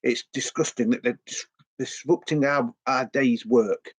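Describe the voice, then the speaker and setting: A man's voice: medium pitch, steady tone, measured pace, husky. A man putting on the voice of a prim, disapproving upper-class man.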